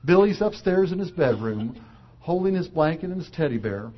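A man preaching a sermon, an animated storyteller who acts out the voices of characters. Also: a little high, moderate pace, husky, dull audio.

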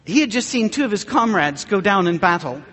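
High-voiced man preaching with dry humor. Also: sing-song, fairly quick, fairly bright tone, long reverb tail. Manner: dry storytelling with mock dialogue. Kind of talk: humorous sermon.

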